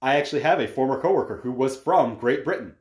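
A man's voice: mid-range voice, lively intonation, quick pace, darkish tone. A man with a mid-range voice chats casually on a podcast. He rambles a bit with filler words and laughs easily. The sound carries a roomy echo. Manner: conversational, laughs often, uses "like" a lot. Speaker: podcast co-host. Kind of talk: casual chat.

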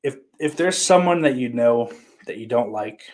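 A man hosting a casual livestream podcast, reading viewer comments aloud and cursing a lot, sarcastic, his voice swinging between loud and quiet. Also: mid-range voice, expressive, moderate pace. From Irish heritage. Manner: profane, sarcastic, with big swings in loudness.

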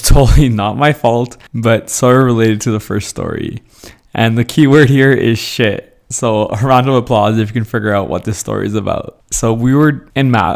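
A man's voice: mid-range voice, vocal fry. A young man hosting his own show, casually telling funny school stories and laughing often as he goes. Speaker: podcast host. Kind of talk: casual storytelling.

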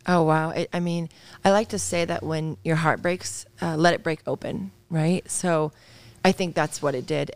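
A woman in her thirties, a psychologist, guests on a podcast and speaks earnestly and openly in a candid interview. Her voice is low and smooth, reflective with soft laughs, and there's no room sound.

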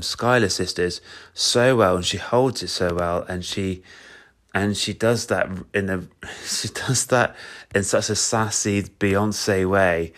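Hesitant, slow-talking British young man. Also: low voice. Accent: British English. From Britain. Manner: hesitant, many fillers and restarts, enthusiastic. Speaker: musical reviewer. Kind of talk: casual spoken review.

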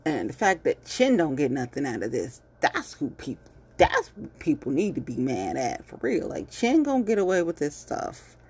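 Blunt, husky low-voiced woman. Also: moderate pace. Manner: blunt, animated, swears freely. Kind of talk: casual commentary monologue.

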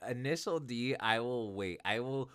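A young man chatting casually as a podcast co-host, an animated storyteller who acts out quotes and laughs often. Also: medium pitch, a little slow, no room sound. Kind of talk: casual chat.

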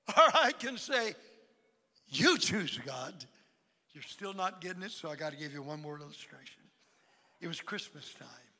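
Older male pastor, high voice, very bright and forceful, sermon with loud and hushed swings, long hall reverb. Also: breathy edge. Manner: preaching with dramatic swings between loud emphasis and quiet asides. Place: large church auditorium.

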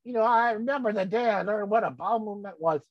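A woman playing a husky rambling old granddad. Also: medium pitch, fast talker, no echo, dull audio, lightly acted. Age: older. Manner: rambling, folksy, easily sidetracked. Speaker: comedy character host. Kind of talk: comic monologue.

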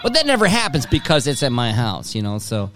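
A man's voice: medium pitch, huge pitch swings, fairly quick, heavy background noise. A man hosting his own podcast from home, rambling casually with lots of swearing and self-directed jokes. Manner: profane, rambling, joking with himself. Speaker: podcast host.

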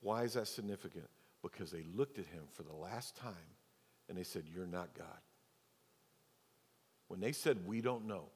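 A male pastor preaching a sermon, moving between loud, emphatic stretches and quiet, low asides. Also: husky. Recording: long church reverb.

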